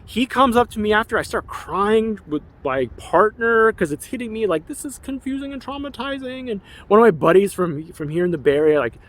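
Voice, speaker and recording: This forties-aged male activist and filmmaker talks bitterly and emotionally, wandering through a personal documentary narration. He speaks brisk and expressive with few pauses, in a high, somewhat bright voice.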